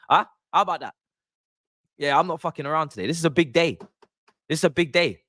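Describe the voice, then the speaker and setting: A lively man, his voice leaping up and down as he jokes and grumbles through a live-stream pre-match chat. His pitch sits a bit high for a man, and the sound is close and dry, with no room around it. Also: no room sound. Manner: animated, exasperated, joking banter. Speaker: football fan streamer.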